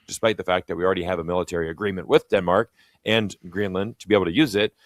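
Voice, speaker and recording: A Canadian man with a Canadian accent talks politics in casual, rambling bursts. His voice is very low and his pace is rapid. The sound is dry and close. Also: fairly even intonation, no room sound. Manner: rambling, many "you know" fillers, opinionated. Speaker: co-host of a live talk stream.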